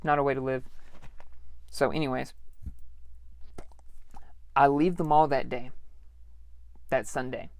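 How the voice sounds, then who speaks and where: A young podcast host spinning a personal story, loose and profane, who jumps into the dialogue of each person in it. The voice sits at a middle pitch, and the recording is close and dry. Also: slow pace, vocal fry, long pauses, no echo. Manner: profane, animated, acts out dialogue. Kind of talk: casual storytelling.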